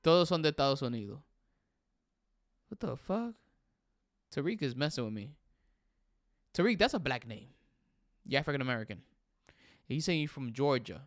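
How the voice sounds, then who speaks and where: A man's voice: a little high, fairly bright tone, dry recording, clean studio sound. A young man hosting a casual livestream, chatting with viewers and reading their comments, switching between English and Spanish. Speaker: livestream host.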